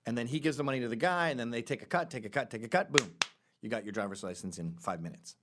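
A man hosting a podcast, telling stories in a casual comedic monologue with quick asides. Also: medium pitch, heavy background noise. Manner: animated storytelling with quick asides and laughs. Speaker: podcast host.

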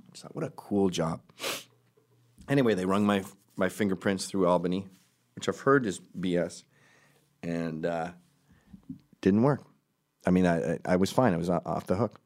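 A middle-aged man with a fairly low voice tells a story in a loose, casual way. He riffs and wanders, then jumps into the voices of the people he quotes. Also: normal speed, pauses often.

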